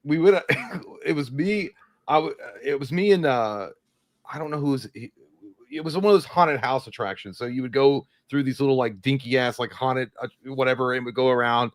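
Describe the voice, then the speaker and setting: A man's voice: medium pitch, moderate pace, no room sound, studio quality. A man, co-hosting a casual livestream and telling a rambling story through frequent laughter. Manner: laughing, rambling anecdote teller. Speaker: podcast co-host.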